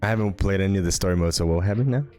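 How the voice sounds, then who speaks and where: A man's voice: sits low, very fast, a little mellow, faint music behind. A young man co-hosting a podcast, chatting in a laid-back, easygoing way. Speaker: podcast co-host. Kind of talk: casual chat.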